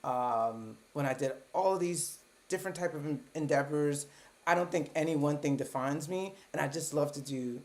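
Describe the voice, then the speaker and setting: A woman's voice: deep voice, normal speed, a little mellow. Woman psychiatrist in her 30s chatting on a webcam live stream, casual, cracks little jokes about herself. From Baltimore, United States. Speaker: psychiatrist hosting her own channel. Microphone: webcam at a computer.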